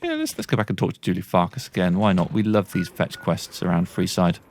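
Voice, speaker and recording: A man's voice: deep voice, fairly quick, a little mellow, a little hiss or hum. A British man giving casual gameplay commentary, awkward, rambling and self-deprecating. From Britain. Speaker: let's play host.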